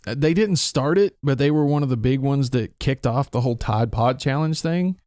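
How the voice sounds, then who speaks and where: A man hosting a casual podcast, easygoing and plain-spoken. His voice sits at a middle pitch. The recording is dry, with no room sound. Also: normal speed, darkish tone, no echo. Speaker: podcast host.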